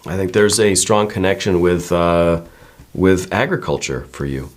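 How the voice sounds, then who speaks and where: A man giving a tarot reading to his viewers, musing and meandering as he goes, hedging often and checking in with a soft "right?". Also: sits low, unhurried. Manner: musing and meandering, many hedges and repeated "right?". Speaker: tarot reader.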